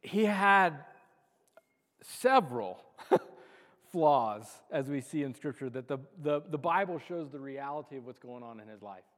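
Joking pastor in a reverberant hall. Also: male voice, on the high side, lively intonation, a little slow. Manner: chatty, joking, self-deprecating. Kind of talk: casual sermon. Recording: long reverb of a large hall.

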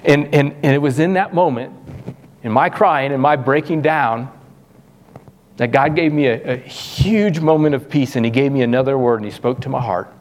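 A middle-aged pastor preaching a sermon, animated, his voice jumping up when he acts out questions to God. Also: moderate pace. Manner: animated, voice jumps high when acting out questions.

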